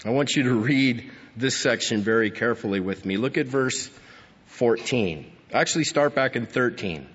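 A man's voice: mid-range voice, lively intonation, normal speed, a bit bright, husky, long reverb tail, highs cut off. A male pastor preaching earnestly and emphatically, reading scripture and asking rhetorical questions.

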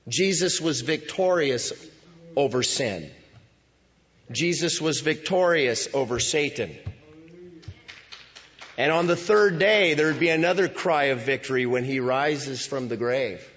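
A man preaching a sermon as pastor in a church, moving between hushed lines and loud cries. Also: medium pitch, lively intonation, unhurried, pauses often. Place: church sanctuary. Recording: dull sound with long hall reverb.

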